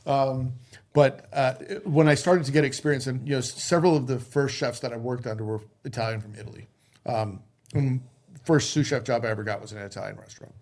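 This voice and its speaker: A man's voice: medium pitch, brisk, darkish tone. A man hosting a podcast, a chef himself, talking loosely in casual conversation, swearing offhand and telling stories.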